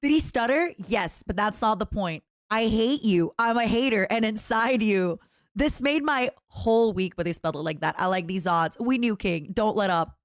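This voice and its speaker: A woman streamer chatting casually and reacting to clips, excitable and playful, squealing over cute things. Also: medium pitch, normal speed, no room sound, studio quality.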